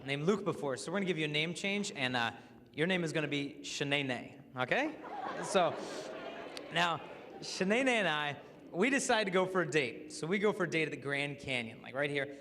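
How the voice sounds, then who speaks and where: Young male speaker, jokey and lively, slightly high voice, echoing hall. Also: noisy background. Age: 20s. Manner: joking, animated, acts out quotes. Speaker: chastity speaker. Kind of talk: energetic talk to a high school audience. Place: large hall with a live audience. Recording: reverberant hall with faint ambience.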